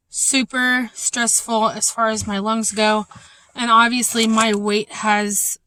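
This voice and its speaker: A woman's voice: fairly high pitch, sharp tone, clear, resonant tone, dry recording. Candid young woman vlogging with a cough. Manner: candid, halting, many fillers. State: ongoing cough, short of breath. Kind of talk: casual personal update.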